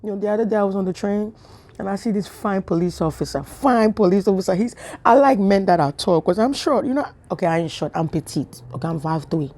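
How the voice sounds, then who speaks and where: A woman's voice: medium pitch, lively intonation, fast, warm tone. A woman giving a casual spiritual talk to camera, telling chatty stories with laughs and whispered asides. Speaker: spiritual vlogger.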